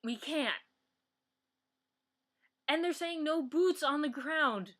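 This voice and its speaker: A young woman from the United States vents in a blunt, swearing political rant at home, stopping and restarting as her frustration builds. Her voice is bright and a little high, and she talks slowly, leaning on her words. It is picked up by a built-in computer mic. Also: expressive. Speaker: vlogger.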